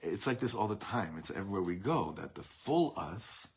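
A man with a husky, breathy voice pitched a little low teaches a Torah class to a room of students. He circles his points with restarts and stops to read Hebrew lines aloud. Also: expressive, moderate pace. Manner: warm, searching delivery with many restarts and Hebrew quotes.

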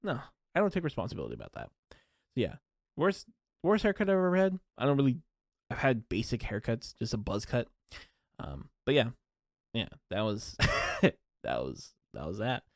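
A man's voice: mid-range voice, wildly swooping pitch, moderate pace, long pauses, dry recording, clean studio sound. A young man hosting a casual solo podcast, rambling and self-deprecating with lots of fillers and restarts. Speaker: podcast host.

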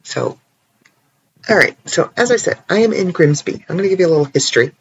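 Man, from Canada, casual solo vlog, playful and giggly, rambling, slightly high voice, dull lo-fi sound. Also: lively intonation, brisk, slight background noise. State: tired, stretching sore legs. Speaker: vlogger. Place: indoors, alone at night.

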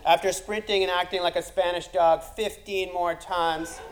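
A man's voice: high voice, steady tone, normal speed, slight background noise, low-quality recording. Wry male comic storyteller. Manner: wry, self-deprecating, building to punchlines.

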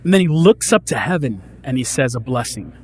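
A man preaching a sermon in a casual, conversational way, reading scripture and explaining it with lively asides. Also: medium pitch, a little fast, breathy edge. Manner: conversational, animated, acts out disciples' lines. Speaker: pastor.

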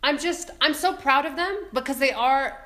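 A high-pitched woman with a bright, ringing tone chats casually. She tells a story with animated exasperation, often breaking into laughter. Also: moderate pace. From Ethiopia. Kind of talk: casual chat.

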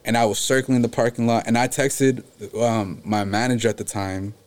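A man's voice: medium pitch, level tone, moderate pace, a little mellow. A young man telling a story in casual chat, slangy and full of cursing and "like" fillers. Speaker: podcast guest telling a story.

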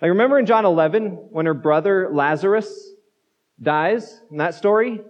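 A man's voice: high voice, normal speed. A man pastor giving a conversational sermon, repeating words as he goes and acting out the quotes. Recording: dull muffled sound in a reverberant hall.

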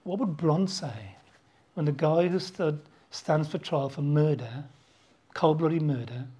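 A preacher giving a sermon, emphatic and full of rhetorical questions, swinging between loud outbursts and hushed asides. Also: mid-range voice, slow pace, slightly rough.

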